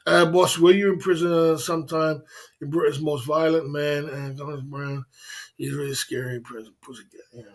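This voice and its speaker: British guy chatting on his livestream, fairly high voice, rambles and laughs a lot, keeps going "you know what i'm saying". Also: steady tone, moderate pace. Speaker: livestream host. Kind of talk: casual livestream storytelling.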